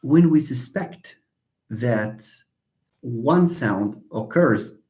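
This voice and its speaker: A middle-aged man with a Moroccan accent giving a live online linguistics lecture, switching between English and dialect Arabic and slowly modelling sounds. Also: mid-range voice, lively intonation, warm tone.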